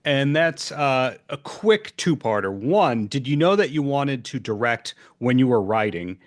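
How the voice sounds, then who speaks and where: A man's voice: mid-range voice, very animated, unhurried. A man hosting a podcast interview over a video call, asking questions in a friendly, chuckling way. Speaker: podcast host.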